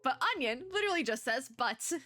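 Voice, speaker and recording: A woman's voice: on the high side, expressive, brisk, sharp tone. A woman hosting a let's-play of a story game, reading the text aloud and rambling through asides, her voice a bit worn from illness. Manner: chatty, rambling asides with frequent laughs. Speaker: VTuber let's-play host.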